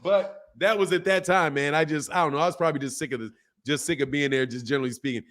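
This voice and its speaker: A man's voice: fairly high pitch, brisk, fairly bright tone. A middle-aged man hosting a casual live stream, talking loosely in slang and reading viewer questions aloud. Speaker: host of a boxing channel live stream.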